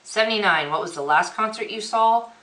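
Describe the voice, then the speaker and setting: In an echoey room, a young beauty vlogger works through a Q&A tag video, reading each question aloud and answering offhandedly. Her voice is mid-range and a bit bright, and she speaks briskly.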